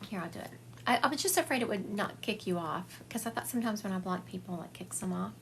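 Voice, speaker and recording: A woman's voice: medium pitch, expressive, fast talker, creaky, fairly bright tone, a little hiss or hum. Chatty woman doing a psychic livestream. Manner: chatty and affectionate, calls listeners honey, laughs often. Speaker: psychic medium. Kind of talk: livestream reading for viewers. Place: at home. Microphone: phone livestream.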